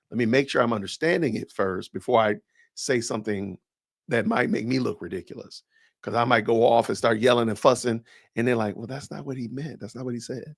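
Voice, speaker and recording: Casual livestream talk comes from a podcast host, a man with a Southern US accent and a medium-pitched voice. The studio sound is clean with no room sound, and he rambles chattily, often backtracking to self-correct.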